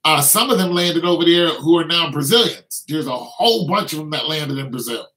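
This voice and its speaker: A man's voice: fairly high pitch, a little fast, sharp tone, poor audio. A man from the United States talking in an emphatic, rambling way, with many restarts and "you know what I'm saying" asides. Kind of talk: casual opinionated talk.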